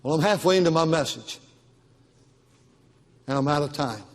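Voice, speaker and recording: Older man, pastor, Baptist sermon, emphatic and repetitive, high voice, long church reverb. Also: animated, normal speed. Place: church auditorium.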